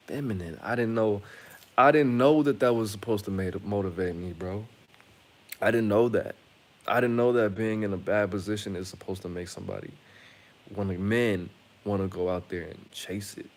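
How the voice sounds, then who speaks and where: A man's voice: on the low side, moderate pace, darkish tone. A man hosting his own channel, talking in a blunt, profane, rambling monologue with frequent restarts. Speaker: channel host. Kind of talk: casual monologue to camera.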